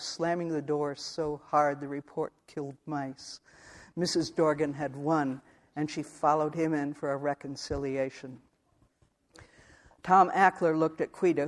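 A man narrates a literary western novel for an audiobook, his voice sitting a little higher than most men's. He reads in a measured, even way, steady from one sentence to the next. The delivery is calm and clear.

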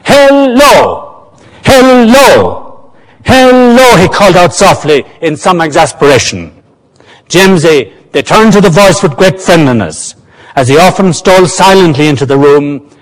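A man reading from his own novel at a slow, measured pace, trailing off softly. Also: fairly high pitch, expressive. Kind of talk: literary reading. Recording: reverberant hall.

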